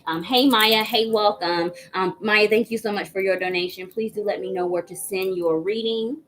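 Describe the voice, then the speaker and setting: A woman's voice: mid-range voice, steady tone, moderate pace, fairly bright tone, low-quality recording. A woman hosting a live tarot reading stream, greeting and thanking viewers by name in a chatty way, with frequent "um"s. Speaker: tarot reader hosting a livestream.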